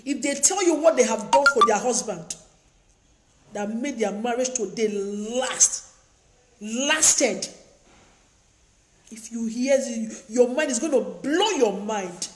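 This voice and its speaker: A woman's voice: fairly high pitch, expressive, slow, pauses often, noisy background. Preachy woman, echoey room. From Africa. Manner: emphatic and preachy, repeats lines for effect. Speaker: advice vlogger. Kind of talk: lecturing advice monologue.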